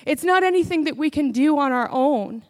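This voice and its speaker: A woman's voice: high-pitched, expressive, moderate pace. A woman preaching a sermon and testifying about her own faith, earnest and building to fervent prayer.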